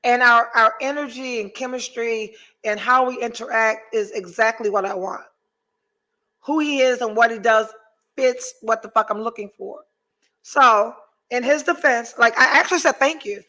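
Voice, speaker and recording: A woman's voice: fairly high pitch, bright, forceful tone. A woman hosting a podcast, chatting casually and telling a story full of profanity while she reads out comments from viewers. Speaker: podcast host. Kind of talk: casual chat with live chat readers.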